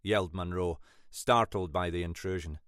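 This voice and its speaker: A male audiobook narrator with a low voice, telling a thriller in a measured, dramatic way. The recording is dry and close to the mic. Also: fairly even intonation, fairly bright tone, no room sound. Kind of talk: scripted narration.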